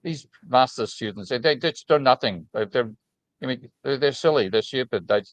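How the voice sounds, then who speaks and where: A man's voice: medium pitch, lively intonation, moderate pace, dry recording, pitched above the performer's own voice, natural voice. A man putting on a mock Austrian accent to play a dismissive older male professor who complains with exasperated scorn. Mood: scornful.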